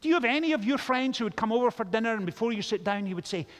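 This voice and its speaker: A man preaching a sermon as pastor, telling the story in a lively way and acting out the characters' lines. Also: extremely high pitch, rapid-fire. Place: large church. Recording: long church reverb.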